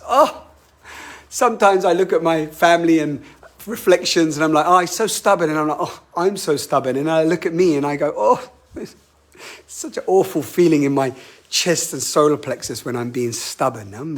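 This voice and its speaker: A man's voice: on the high side, moderate pace. Earnest man leading a spiritual talk. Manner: earnest, self-reflective, asks the audience questions. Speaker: workshop facilitator. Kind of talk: live-streamed spiritual talk. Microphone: webcam or phone mic on a live stream.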